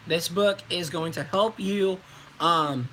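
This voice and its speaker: A young man with a high, very bright and forceful voice talks through voice acting tips on a casual livestream. His delivery is chatty and loose, full of fillers and restarts. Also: slow, a little hiss or hum, poor audio. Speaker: voice actor.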